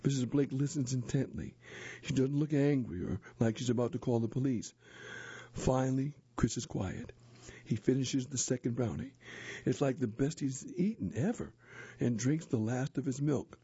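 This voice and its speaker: A man narrating a story and a handbook aloud in a steady, expressive reading voice. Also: medium pitch, moderate pace, husky, no echo. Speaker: narrator, reader. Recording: dull lo-fi dry recording.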